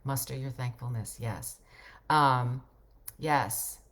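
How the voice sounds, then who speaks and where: A woman's voice: a bass voice, takes it slowly, fairly bright tone, slight background noise. A middle-aged woman, a voiceover coach, chatting casually on a livestream and reading out viewer comments, reflective and rambling.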